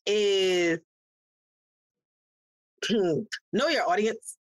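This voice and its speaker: A woman's voice: mid-range voice, very slow, no echo. Woman co-host, frank storyteller, dry close mic. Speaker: podcast co-host. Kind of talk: casual podcast chat. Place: studio couch.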